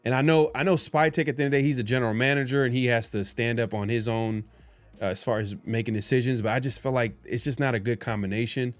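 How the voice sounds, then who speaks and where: A man co-hosting a casual sports talk show, speaking in a halting, laid-back way with many restarts. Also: mid-range voice, fairly even intonation, dry recording. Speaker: podcast co-host.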